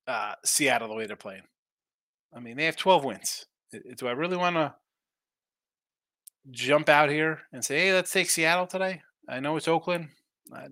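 A man with a medium-pitched, bright, forceful voice hosts a live sports betting show in clean studio sound with no room noise. He chats casually through the day's games, reads viewer comments, thinks aloud, and answers his own questions.

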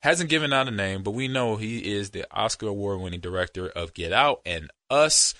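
Forceful low-voiced man chatting casually. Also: expressive, normal speed, dry recording, clean studio sound. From United States. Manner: rambling, easygoing, drops to a low murmur. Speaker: podcast co-host. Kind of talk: casual podcast chat.

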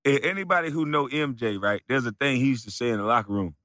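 A man's voice: medium pitch, fast talker, a bit bright, dry recording, studio quality. A man who makes videos, delivering a mocking, profane rant at a rival, repeating taunts and breaking into laughter. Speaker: video creator.

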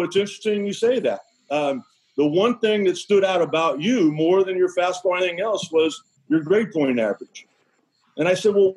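A man with a high, husky voice spins folksy anecdotes as an interview guest. He slips into the voices of the people in his stories as he goes. He sounds middle-aged and relaxed in the telling. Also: poor audio. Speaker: former baseball pitcher, guest. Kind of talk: animated storytelling in a podcast interview.

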